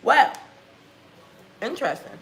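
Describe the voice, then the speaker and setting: A woman giving a casual tarot reading in a blunt, profane, animated way. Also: slow, reverberant, low-quality recording. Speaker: tarot reader.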